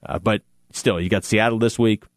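A man's voice: on the low side, fairly even intonation, moderate pace, no room sound, studio quality. A man hosting a sports talk show, chatting casually and animatedly about a football team's playoff chances with self-deprecating asides. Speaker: sports radio host.

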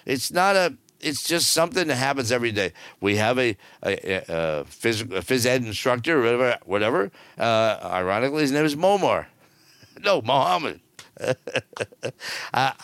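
A man's voice: on the high side, a bit bright, clean tone, no echo. A middle-aged man giving casual cruise news commentary, with wry, sarcastic asides. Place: on board a cruise ship.

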